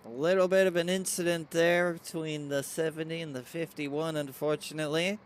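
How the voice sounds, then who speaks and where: A man doing excitable play-by-play race commentary with hiccups, reading viewer chat aloud. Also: a little high, moderate pace, a little hiss or hum.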